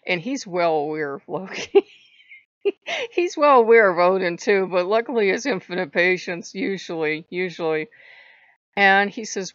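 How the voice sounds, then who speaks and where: A woman's voice: lowish voice, moderate pace, a bit bright, no echo. A woman hosting a casual spiritual vlog, talking in a rambling, chatty way and swearing now and then. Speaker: channel host. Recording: dull lo-fi dry sound.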